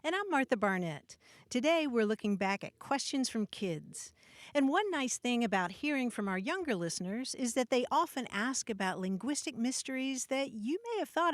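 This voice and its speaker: A woman's voice: a little high, lively intonation, normal speed, no room sound, clean studio sound. A woman from Kentucky co-hosting a radio talk show, asking callers friendly questions and explaining word pronunciations.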